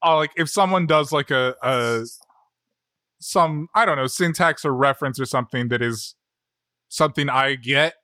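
A man chatting casually on a podcast, quick and emphatic, often restarting his sentences. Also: mid-range voice, pushed and bright, dry recording, clean studio sound. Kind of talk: casual chat.

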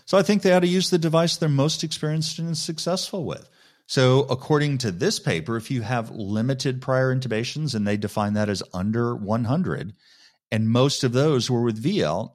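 A man with an East Texas accent, a guest doctor speaking in a measured, plain-spoken way on a podcast. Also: medium pitch. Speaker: guest emergency physician. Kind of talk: casual podcast interview.

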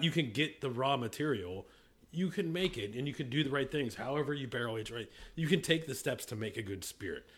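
A man with a bright, forceful voice co-hosting a casual chat about whiskey. He talks loudly, jokes, laughs a lot and swears freely. His delivery is rowdy and unfiltered. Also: medium pitch. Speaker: podcast co-host.

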